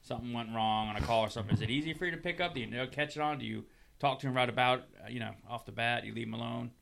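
Fast-talking bright-voiced man. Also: mid-range voice, vocal fry. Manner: joking, ribbing. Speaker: podcast host, firefighter. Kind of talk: casual chat.

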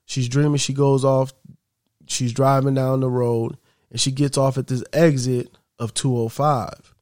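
A man's voice: mid-range voice, level tone, a little slow, a little mellow, dry recording, clean studio sound. A man telling a story in a casual, conversational way, slipping in quoted lines and asides to the listener.

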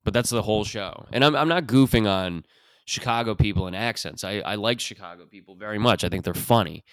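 Smooth low-voiced man in a rambling monologue. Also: brisk, fairly bright tone, no echo, studio quality. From Canada. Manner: rambling, profane storytelling with many fillers. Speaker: podcast host. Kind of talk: comedic monologue.

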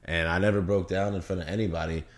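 A man's voice: sits low, steady tone, quick pace. A young man, a podcast guest, telling a personal story in an open, reflective way during a casual conversation.

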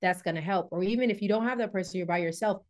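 A woman wellness coach talking candidly as a podcast guest, animated and laughing often. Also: medium pitch, quick pace. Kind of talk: conversational interview.

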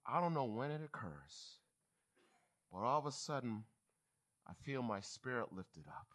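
Slow, bright-voiced man preaching a sermon. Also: medium pitch. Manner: animated, talks back and forth with the congregation. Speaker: bishop preaching to a congregation. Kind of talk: live church sermon. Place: church service.

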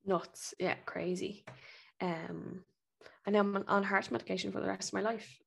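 A woman's voice: medium pitch, steady tone, normal speed, gravelly. Blunt, profane Irish woman telling a story. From Ireland. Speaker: podcast co-host, nurse. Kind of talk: casual chat. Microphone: remote call recording.

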